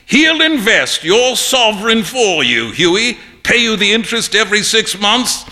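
Male reader doing a jovial, booming painter; bright, lively, teasing. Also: moderate pace, exaggerated voice. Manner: loud, laughing, teasing. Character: boisterous jovial man-about-town painter.

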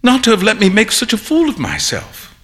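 A sheepish young gentleman who grumbles over his bad luck , as a male reader puts him on. His voice is bright and lively in pitch, and his tone stays sulky. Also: a little fast, full character voice.

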